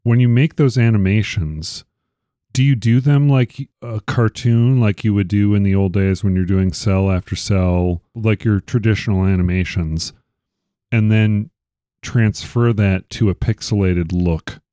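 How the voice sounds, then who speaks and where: A man hosting a podcast, reading out word definitions deliberately and asking questions. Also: lowish voice, steady tone, warm tone, no echo, studio quality. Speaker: podcast host. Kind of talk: casual interview chat.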